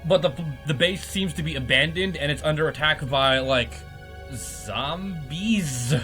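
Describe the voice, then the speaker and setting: A man's voice: fairly high pitch, measured pace, pushed and bright, soft background music. A man hosting a podcast, giving a comedic, profane recap of a game plot and laughing often. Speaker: podcast host.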